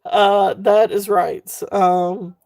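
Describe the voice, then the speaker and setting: Rambling, heartfelt woman with a mellow voice. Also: medium pitch, level tone, very slow. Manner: rambling and heartfelt, many fillers, laughs often. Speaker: online jewelry seller hosting a live sale. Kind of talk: casual live-stream chat to viewers. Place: home.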